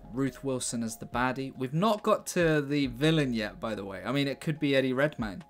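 A man's voice: medium pitch, lively intonation, normal speed, soft background music. Sarcastic man muttering while reading aloud. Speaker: writer. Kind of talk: casual thinking aloud while writing.

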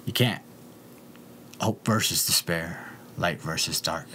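A young man with a fairly low voice rambles through a profane story. He drifts from loud outbursts down to quiet mutters, with a faint hiss of noise under the recording. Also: slow. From Southern California. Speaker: interview guest.

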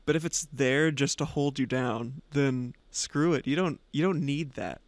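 A man's voice: fairly high pitch, dry recording. A young man hosting a book vlog, retelling a story in a rambling, informal way and reading passages aloud. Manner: rambling, informal, swears lightly. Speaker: book vlogger.

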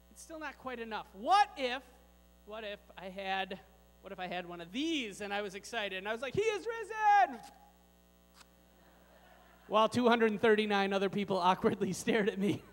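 A man's voice: high-pitched, a bit bright. A man giving a playful children's sermon in a large church, joking with the kids and the congregation. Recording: long church hall reverb, mains hum.

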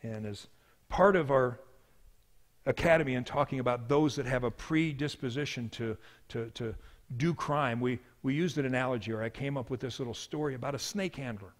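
A man preaching a sermon as pastor, telling a story with swings from hushed to loud. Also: mid-range voice, moderate pace.

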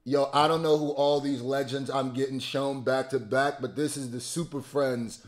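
A man, a rapper, giving casual, animated commentary full of slang and exclamations while reacting to a music video. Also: medium pitch, moderate pace.

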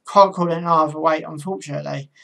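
A woman's voice: low voice, steady tone, quick pace, creaky, fairly bright tone. A woman hosting her own football channel, talking through match predictions in a casual, hesitant way with frequent ums and self-corrections. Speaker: football pundit channel host.

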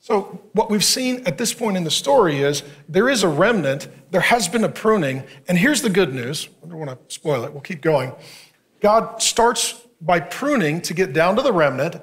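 Animated high-voiced male pastor preaching. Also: moderate pace. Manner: joking, sarcastic asides. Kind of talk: sermon.

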